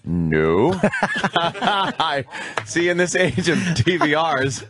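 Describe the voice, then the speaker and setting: A man hosting a radio show, bantering loudly and cracking jokes. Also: on the high side, extremely slow, crowd noise. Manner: loud, mock-energetic, joking.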